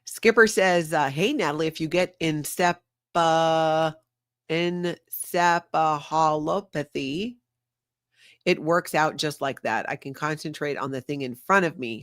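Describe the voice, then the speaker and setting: A woman's voice: sits low, measured pace, a bit bright, no echo, clean studio sound. An older woman chatting casually on a livestream, laughing often and reading viewer comments aloud. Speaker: livestream host.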